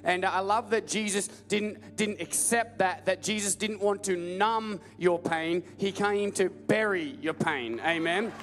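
A young man from the American South with a Southern accent, preaching a lively call-and-response sermon to a church crowd. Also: sits high, unhurried, few pauses. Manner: energetic call-and-response preaching, rising to loud emphatic repetition. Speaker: pastor. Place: large church hall with live audience. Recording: echoey church hall with faint music.

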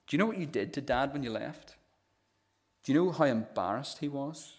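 A man's voice: mid-range voice, expressive, fairly quick, a little mellow, close to an everyday voice. A male preacher voicing a resentful older brother who scolds his younger sibling with cold self-righteous contempt. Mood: accusing. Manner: scornful, cold, lecturing.

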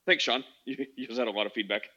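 A man's voice: mid-range voice, fairly even intonation, fast talker, bright, forceful tone, muffled recording. A man hosting a casual chat, rambling and joking. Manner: rambling, joking, laughs often.

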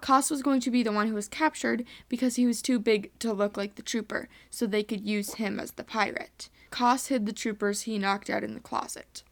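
A woman's voice: fairly high pitch, steady tone, normal speed, vocal fry, hardly any pauses. A woman earnestly reading a homemade space adventure story aloud.

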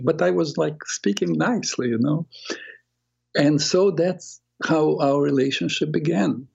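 A man in his sixties hosting a radio show, telling a story at an unhurried, reflective pace with many fillers. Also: a little high, creaky, darkish tone, husky, dull audio. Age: 60s. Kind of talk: storytelling monologue.

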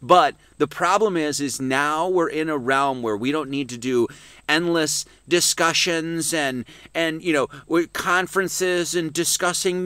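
A man preaching at a Sunday service, emphatic and swinging between loud emphasis and hushed asides, with many restarts. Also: fairly high pitch, unhurried, clear, resonant tone, no room sound.

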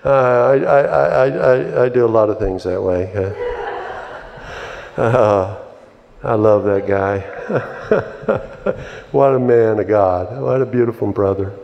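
Fervent slow-preaching man in reverberant hall. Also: lowish voice, gravelly, highs cut off. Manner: fervent, repeats phrases, bursts of hallelujah. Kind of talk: sermon.

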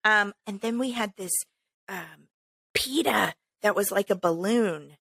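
Woman podcast co-host, chatty storyteller, bright tone, dry studio sound. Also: medium pitch, measured pace, gravelly, husky, no room sound. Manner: chatty storyteller, laughs often. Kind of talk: casual chat.

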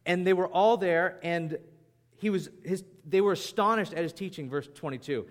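A male pastor preaching with a slightly raised pitch. He talks in a lively, conversational way, like he's chatting with the congregation rather than reading. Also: normal speed. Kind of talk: sermon.

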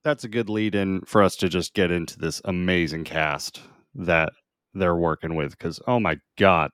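A man's voice: normal speed, fairly bright tone, smooth, dry recording, clean studio sound. Laughing man co-hosting a podcast. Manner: laughs often, short reactions, jumps high when quoting. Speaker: podcast co-host. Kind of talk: casual movie podcast chat.

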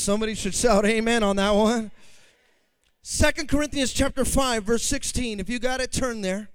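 High-voiced pastor guy, really animated, dry close sound, preaching hard. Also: normal speed, clear, resonant tone, dry recording. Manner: emphatic, swings from intimate to booming. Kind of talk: sermon.

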